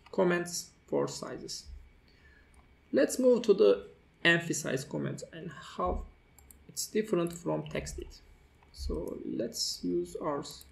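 A man's voice: a little high, gravelly. A man hosting a screen-recorded coding tutorial, talking through each step as he types, with fillers and restarts. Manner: walks through steps as he types, with fillers and self-corrections. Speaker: tutorial host.

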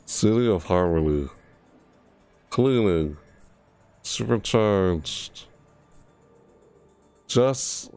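A man's voice: lowish voice, animated, extremely slow, long pauses, darkish tone, soft background music. A tired man streaming a video game, mumbling and rambling to himself in casual commentary. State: tired, yawning.

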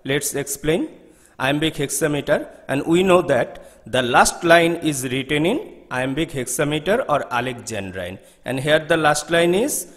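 A man's voice: on the high side, expressive, unhurried, fairly bright tone, big-room sound. A man teaching English literature exam questions, working through each answer option in a methodical way. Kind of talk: exam-prep lecture.

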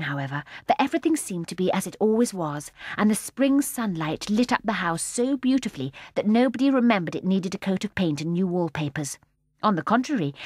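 A woman narrating a children's storybook aloud in a measured, expressive way. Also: fairly low pitch, no room sound, clean studio sound. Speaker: audiobook narrator. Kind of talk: scripted narration.

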